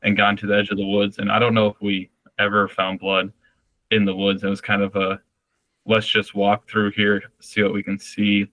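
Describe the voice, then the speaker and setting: Flat, bright-toned young man recounting. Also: fairly low pitch, normal speed, dry recording, poor audio. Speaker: podcast guest. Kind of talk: casual storytelling.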